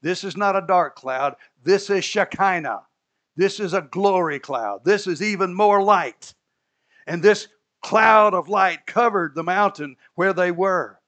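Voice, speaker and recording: Man, preacher, slightly high voice, lively storytelling, acts out characters, chuckles at his own asides. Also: a little slow. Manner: animated storytelling, acting out biblical characters. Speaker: pastor. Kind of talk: sermon.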